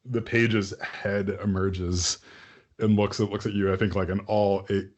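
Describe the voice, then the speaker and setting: A man's voice: fairly low pitch, level tone, unhurried. A man narrating a tabletop game as game master, hesitant, with many fillers and a lot of amusement.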